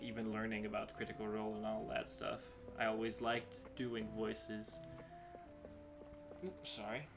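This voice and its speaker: A man's voice: lowish voice, vocal fry. A young adult man casually commenting while playing a game, rambling with many fillers and asides. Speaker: let's play host.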